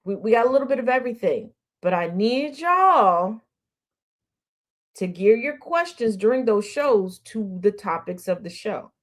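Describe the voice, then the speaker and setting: A woman's voice: medium pitch, expressive, measured pace. A woman hosting an internet radio show, chatting casually with her audience, teasing them and laughing often. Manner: talks straight to the audience. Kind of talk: casual livestream chat.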